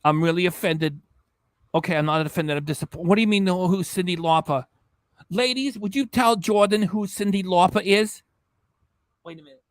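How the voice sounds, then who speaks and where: A man's voice: high-pitched, moderate pace, no room sound. A man hosting a reaction channel, chatting casually and jokingly on a livestream, rambling and slipping into silly voices.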